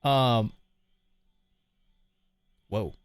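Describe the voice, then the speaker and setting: A man talks casually and frankly to his stream, reading out chat messages and laughing often between thoughts. His voice sits in an ordinary middle pitch. It is recorded close and dry, with no room sound. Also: drawn-out words, clean tone, no room sound.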